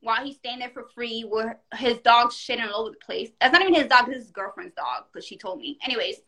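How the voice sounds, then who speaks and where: A woman in casual chat, telling a story in an animated, profane way and acting out the quotes. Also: fairly high pitch, fast.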